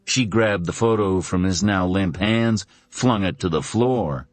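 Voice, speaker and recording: A man narrating an audiobook in a measured, dramatic storytelling manner. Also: sits low, no echo. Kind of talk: scripted narration.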